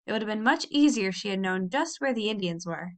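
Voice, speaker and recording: A woman's voice: mid-range voice, fast talker. Woman reading a children's novel aloud. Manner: expressive, animated reading with small slips. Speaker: audiobook reader.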